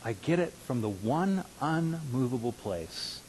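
A man in his fifties preaching a sermon as a pastor, earnest, dropping to hushed asides and rising to emphatic declarations. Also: medium pitch, big pitch swings, a little slow, a little hiss or hum, rough recording. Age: 50s.

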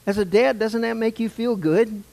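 A man's voice: high-pitched, fairly even intonation, moderate pace, gravelly, a little mellow. An older man preaching a sermon to his church, asking the congregation questions in a conversational way. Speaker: pastor. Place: church sanctuary.

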